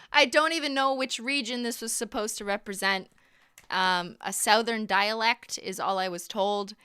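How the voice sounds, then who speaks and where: A young woman talks casually to her livestream audience with a bright, crisp voice. She laughs often and trails off into restarts. The sound is close and dry. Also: mid-range voice, measured pace, dry recording. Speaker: livestream host.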